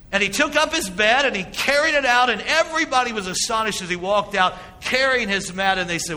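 A man's voice: high-pitched, a little fast, hardly any pauses, pushed and bright, big-room sound. A man preaching a sermon as a pastor, with emphatic delivery and rhetorical questions to the congregation. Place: church sanctuary.

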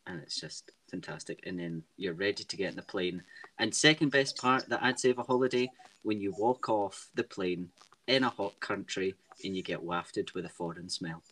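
Young man, scottish accent, somewhat low voice, enthusiastic podcast co-host, casual chat. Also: normal speed, bright, forceful tone. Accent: Scottish, west of Scotland. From Scotland. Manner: enthusiastic, keeps the talk on track.

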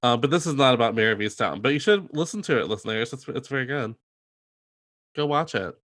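A man co-hosting a podcast in casual chat, talking in chatty bursts full of fillers and quick asides. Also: mid-range voice, lively intonation, a bit bright. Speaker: podcast co-host.

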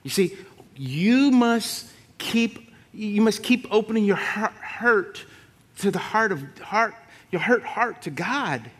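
A middle-aged man preaching an animated sermon as pastor, building to shouts and calling out "come on" to the congregation. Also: high-pitched, takes it slowly.

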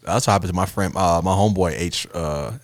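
A man chatting casually with friends, telling stories in an animated way and swearing freely. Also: low voice, a little fast, no room sound. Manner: animated storyteller, swears freely, bursts into loud laughter. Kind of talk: casual chat among friends.

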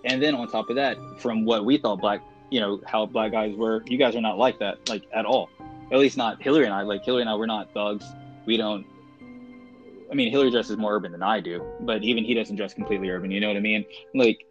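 A man's voice: fairly low pitch, steady tone, fast talker. A man as a podcast guest in casual chat, a talkative storyteller who speaks properly with many fillers. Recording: dull lo-fi podcast audio with music.

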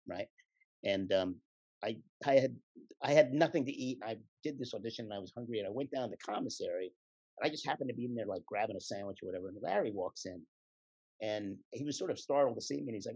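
A man with a husky voice tells behind-the-scenes stories in a loose, rambling, relaxed way and laughs along. The sound is dry and a little dull. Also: on the low side, dry recording. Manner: relaxed, rambling, laughs while telling anecdotes. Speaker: guest actor. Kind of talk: casual interview storytelling.

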